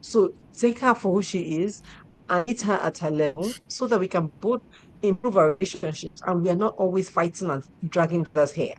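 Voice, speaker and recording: Woman, middle-aged host, lowish voice, animated storytelling, laughs a lot. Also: brisk, a little hiss or hum, rough recording. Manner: animated, repetitive, laughs often. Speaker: show host. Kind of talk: casual chat, storytelling.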